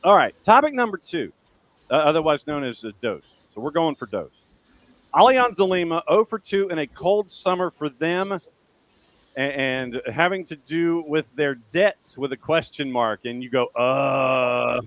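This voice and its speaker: A man hosting a soccer show, talking in a relaxed, measured casual chat. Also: a little high.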